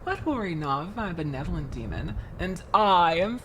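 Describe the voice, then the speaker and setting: A woman's voice: on the low side, sing-song, normal speed, a bit bright, slight background noise. A woman voicing a grandiose, benevolent female demon welcoming visitors to her catacombs, in a theatrical manner.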